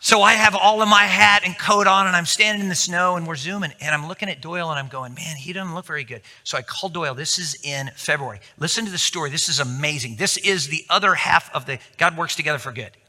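A man's voice: a little high, quick pace, few pauses, bright, forceful tone, in a large hall. A man preaching a sermon to a congregation, telling stories and acting out the voices of the people in them. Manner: storytelling, acting out quoted voices. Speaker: pastor.

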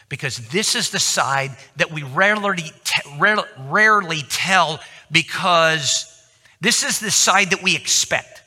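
In a large hall, a man with a sharp, mid-range voice delivers a sermon. Storytelling is his approach, and he gives voice to each person he quotes.

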